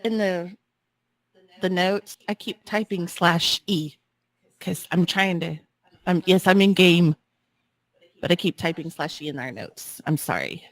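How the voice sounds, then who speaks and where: A woman co-hosting a casual podcast chat with slow, drawn-out asides. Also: on the low side, dry recording. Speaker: podcast co-host.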